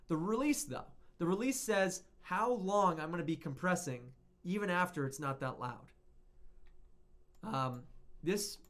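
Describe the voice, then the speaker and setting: A man's voice: a little high, a bit bright. Chatty man teaching music mixing. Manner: chatty, rambling, self-correcting. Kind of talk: casual lesson.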